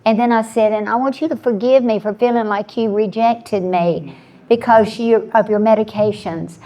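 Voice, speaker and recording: A woman's voice: a little high, fairly even intonation, normal speed, lo-fi sound. Woman in her seventies telling a story. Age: 70s. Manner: earnest storytelling with frequent restarts. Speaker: panelist. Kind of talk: personal testimony on a panel.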